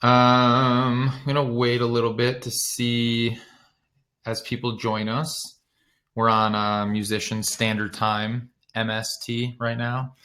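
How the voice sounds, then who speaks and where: A man's voice: medium pitch, little pitch movement, slow pace, pushed and bright. A young man chatting casually on a live stream, greeting viewers by name and reading out their comments. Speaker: author and musician hosting a live stream. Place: home, near his bookshelf.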